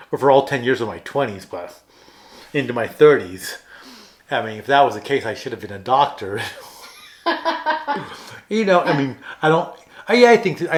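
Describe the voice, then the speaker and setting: A man in his thirties chats on a podcast in an easygoing, rambling way. He tells self-deprecating stories full of fillers and restarts, at an ordinary, middle pitch. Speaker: podcast co-host. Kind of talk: casual chat.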